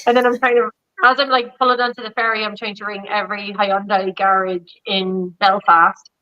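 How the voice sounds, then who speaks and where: Dublin irish woman, bright forceful voice, lively storyteller, mimics voices, slightly muffled recording. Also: fairly quick, dry recording. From Ireland. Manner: acts out quoted voices with big pitch jumps, laughs often. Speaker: guest performer. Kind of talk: casual chat, animated storytelling.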